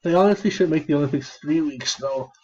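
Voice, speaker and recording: A man vlogging in a flat, downcast monotone, rambling and restarting his sentences often. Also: on the high side. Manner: halting, many restarts and fillers. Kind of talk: rambling casual monologue. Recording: dull lo-fi recording.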